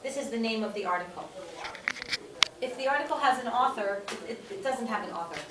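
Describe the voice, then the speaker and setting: A woman with a fairly high voice lectures a class. She repeats her key points and keeps checking in with "okay?". She was recorded from a distance in an echoey classroom with faint background noise. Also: brisk. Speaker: teacher.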